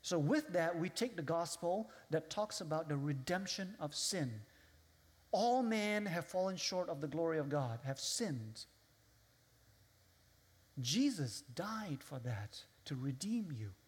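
Guy with a foreign accent preaching slow and deliberate, big hall reverb behind him. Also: on the high side, expressive. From outside the US. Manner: preacher who acts out listeners' voices and quotes scripture. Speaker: guest speaker. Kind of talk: sermon. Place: large hall with a live audience.

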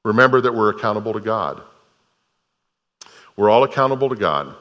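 A man preaches from the pulpit in a sanctuary, his lowish voice bright and forceful. He speaks earnestly and drives points home by repeating them. The sound rings with the long reverb of a large hall. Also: lively intonation, a little fast, long pauses. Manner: earnest, repeats phrases for emphasis. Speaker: pastor. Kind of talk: sermon.

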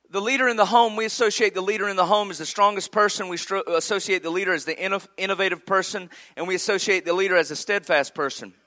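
Middle-aged pastor, bright forceful tone, folksy storyteller from the pulpit. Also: male voice, high-pitched. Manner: folksy, storytelling with rising emphatic peaks. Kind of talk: sermon.

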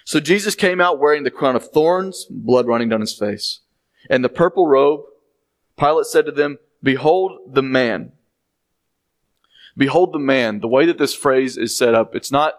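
A man leads a verse-by-verse Bible lesson in an explanatory, emphatic way. His voice sits in an ordinary middle pitch, and he often repeats words for weight. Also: moderate pace. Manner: explanatory, emphatic, acts out quoted speech with rising pitch. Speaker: Bible teacher.

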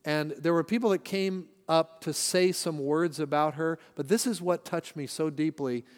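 A man with a high-pitched voice preaches in a conversational, storytelling way. His words ring out with a long reverb tail in a church sanctuary. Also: steady tone, moderate pace. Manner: conversational storytelling with shifting emphasis. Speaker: pastor. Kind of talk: sermon.

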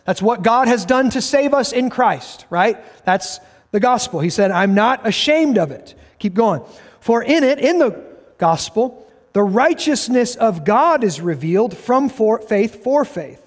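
A male pastor preaching a sermon, reading scripture aloud and pressing his points emphatically, sometimes rising to a shout. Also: very high-pitched, lively intonation, measured pace. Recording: long hall reverb.

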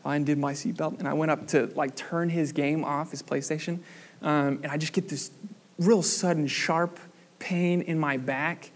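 A man's voice: a little high, steady tone, normal speed. Chatty young man preaching a sermon. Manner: casual storytelling with many fillers, acts out quoted voices loudly. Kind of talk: sermon with a personal story.

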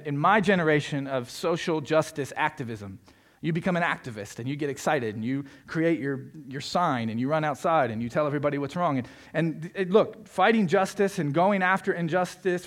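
A man preaching a sermon, moving between quiet reflection and loud, emphatic passages. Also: on the high side. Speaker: pastor.

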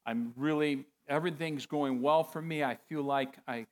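A man preaching a sermon as pastor, retelling a story with animated excitement and frequent chuckles. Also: on the high side, moderate pace. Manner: chuckles often.

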